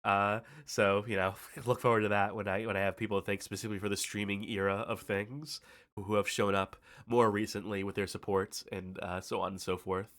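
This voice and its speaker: A man's voice: on the low side, level tone, fairly bright tone. A man hosting a live stream, thanking his co-hosts in a rambling, heavily swearing way, tired and emotional, full of fillers and restarts. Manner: heavy swearing, rambling, halting with many fillers. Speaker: host. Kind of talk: casual stream thank-you speech.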